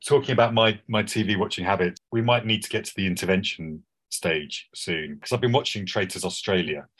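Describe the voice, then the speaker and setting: A man's voice: low-pitched, fairly quick, fairly bright tone, husky. A man co-hosting a casual TV podcast, talking enthusiastically and rambling with restarts. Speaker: podcast co-host. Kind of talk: casual chat.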